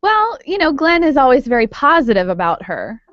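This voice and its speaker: A woman's voice: high-pitched, sing-song, moderate pace, no echo. A woman co-hosting a morning talk radio show, teasing her co-hosts with wry remarks. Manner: wry, teasing, laughs often. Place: radio studio. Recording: dull lo-fi dry radio studio sound.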